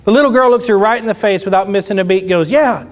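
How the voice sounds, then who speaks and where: A man's voice: high-pitched, very fast, highs cut off, very noisy. A man doing a conversational stand-up comedy set, laughing at his own punchlines. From Oklahoma. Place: comedy club stage with live audience. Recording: live club recording with audience laughter.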